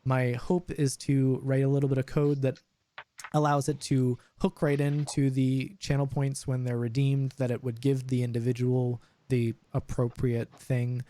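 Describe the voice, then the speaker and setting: Here a young dungeon master runs a tabletop session over a voice call, speaking in a medium-pitched, dark voice with flat delivery and moderate pacing. He rambles casually, often restarting sentences and leaning on fillers.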